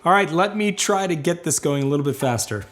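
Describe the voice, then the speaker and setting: A man teaching a banjo lesson, explaining and encouraging in a calm, clear way. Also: a little high, a little fast, loud music behind the voice. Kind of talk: instructional lesson.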